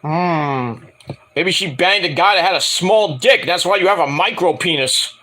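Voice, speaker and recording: A man rattles through a wrestling show review in a casual, rambling way, swearing freely and breaking into mocking asides. His voice sits high and swings widely in pitch. The tone is bright and sharp. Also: unhurried. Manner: excitable, profane, rambling, mocking impressions. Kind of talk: casual recap vlog.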